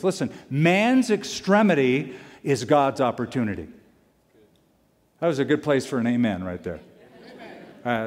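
A male pastor preaching a sermon, animated and emphatic, repeating key lines for weight. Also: on the high side. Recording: long hall reverb.

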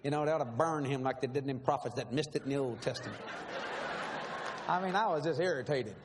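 A man's voice: mid-range voice, fast, a crowd in the background. A man preaching a sermon, telling a personal testimony in a dramatic, emphatic way and laughing often. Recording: long hall reverb, faint background hiss.

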